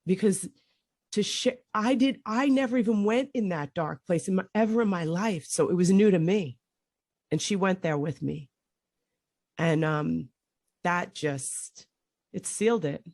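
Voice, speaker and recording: A woman's voice: lowish voice, a little slow, a little mellow, dry recording, clean studio sound. A middle-aged woman hosting a podcast, telling an emotional story that rambles and breaks off mid-sentence, her voice climbing when she relives moments of panic. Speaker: podcast host.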